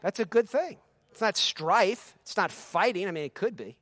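High-voiced preaching man. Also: animated, moderate pace. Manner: swings from conversational to loud preaching. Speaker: pastor. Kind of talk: sermon.

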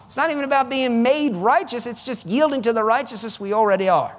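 A fervent male preacher whose high voice swoops up and down as he urges his listeners on. He repeats phrases for emphasis, and each line rings out with a long reverb. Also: expressive, fairly quick, few pauses. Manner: fervent, repetitive exhortation. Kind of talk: sermon.

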